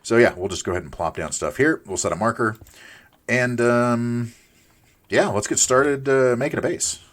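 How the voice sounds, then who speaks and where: A man's voice: medium pitch, normal speed, fairly bright tone. A man in his forties chatting casually and rambling through gameplay commentary as a let's play host, thinking aloud with restarts. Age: 40s. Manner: playful asides to himself.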